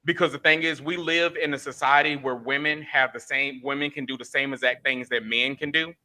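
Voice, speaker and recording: A man's voice: mid-range voice, fairly even intonation, brisk, pushed and bright. A man co-hosting a casual podcast chat. He talks animatedly and keeps repeating and restarting his phrases. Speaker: podcast co-host.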